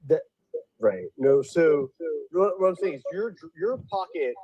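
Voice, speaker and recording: Guy guest on a stream, rambly, pitch all over the place. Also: measured pace, no room sound, lo-fi sound. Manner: rambling, lively delivery. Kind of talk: casual live-stream chat.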